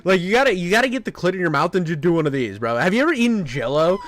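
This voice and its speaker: Crude, high-voiced male reaction streamer. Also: sing-song, rapid-fire, fairly bright tone. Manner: crude, profane, laughs often. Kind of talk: casual reaction commentary.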